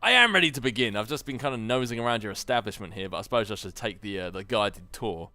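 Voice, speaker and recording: A man's voice: on the low side, steady tone, fast, a bit bright, faint music behind. A man giving casual, jokey commentary over a video game, musing aloud and laughing often. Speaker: gameplay commentator. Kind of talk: casual Let's Play commentary.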